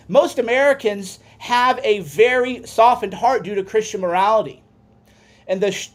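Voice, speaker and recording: A man hosting a podcast, giving an impassioned ranting monologue that swings from quiet musing to shouting. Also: very high voice. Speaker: podcast host.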